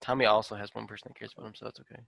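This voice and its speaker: A young American man co-hosting a casual podcast, talking in a quick, laid-back, slightly mumbly way. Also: lowish voice, flat delivery, gravelly, fairly bright tone. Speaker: podcast co-host. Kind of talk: casual chat.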